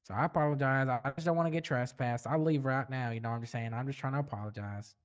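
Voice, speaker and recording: A man in character apologizing in fast, slangy roleplay talk, heard from a distance. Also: mid-range voice, fairly even intonation. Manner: fast, restless, heavy slang.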